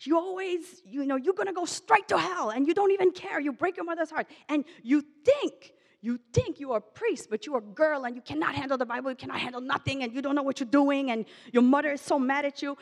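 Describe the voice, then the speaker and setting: A woman imitating her angry older father, yelling a scolding in broken grammar. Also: high-pitched, brisk, few pauses, big-room sound, pitched above the performer's own voice. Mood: furious. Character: furious older father scolding his daughter.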